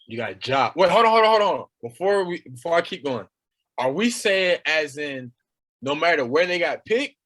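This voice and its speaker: A man co-hosting a podcast, trading casual sports banter in a loud, teasing way and talking over the others. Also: on the high side, big pitch swings, normal speed. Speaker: podcast co-host.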